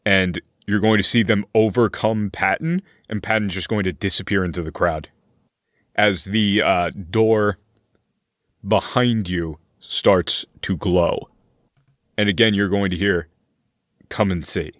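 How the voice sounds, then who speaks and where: A man with a lowish voice narrates a tabletop game as its game master. He lays out scenes in an unhurried, deliberate way. The sound is dry and close, with no room behind it. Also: steady tone, no echo. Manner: slow, deliberate scene-setting.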